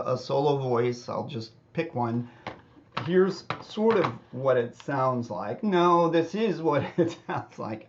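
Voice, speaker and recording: A man's voice: mid-range voice, a little mellow, dull audio, slight background noise. A man teaching a hymn in a casual, self-deprecating way with false starts, now and then singing lines in a wobbly voice. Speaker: music teacher. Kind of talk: casual teaching with sung examples. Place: home music studio. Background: organ accompaniment.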